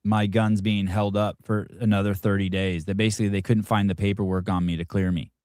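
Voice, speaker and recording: A man hosting a casual live podcast chat, asking relaxed, loose questions. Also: fairly low pitch, fairly quick, no echo, studio quality. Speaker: podcast host.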